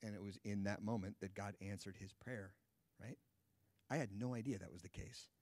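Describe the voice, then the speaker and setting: Low-voiced man telling a story. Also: normal speed, dry recording. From United States. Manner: lively storyteller acting out dialogue. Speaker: guest Bible teacher. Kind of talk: sermon storytelling.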